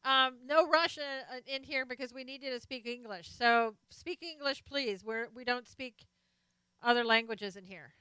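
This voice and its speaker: A woman's voice: high voice, normal speed, sharp tone, smooth, no room sound. A woman hosting a live stream, casually chatting about politics and answering viewer comments as she reads them out. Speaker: live stream host reading chat.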